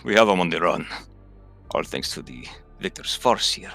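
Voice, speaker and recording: Man voicing a jovial old veteran soldier, dismissive, low gravelly voice, bright. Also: animated, normal speed, soft background music, exaggerated voice. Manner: dismissive, offhand.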